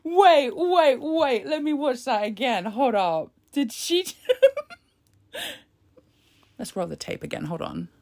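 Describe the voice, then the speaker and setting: A woman's voice: on the high side, very animated, takes it slowly, gravelly, long pauses, darkish tone. A woman giving casual, sarcastic live commentary, laughing often and throwing in sassy asides. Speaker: live commentator on a press conference.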